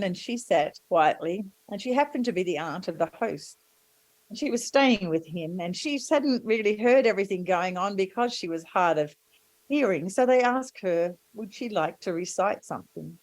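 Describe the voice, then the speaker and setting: A woman preaching a sermon and telling stories gently, with warm asides to the congregation. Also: medium pitch, dry recording, rough recording.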